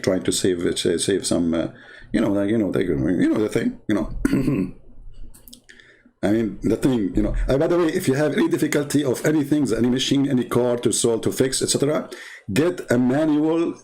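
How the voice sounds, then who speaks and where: A man's voice: on the low side, a little fast, a little mellow. A male host who is not a native English speaker tells a story in a joking, rambling way, packed with "you know" fillers. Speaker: channel host.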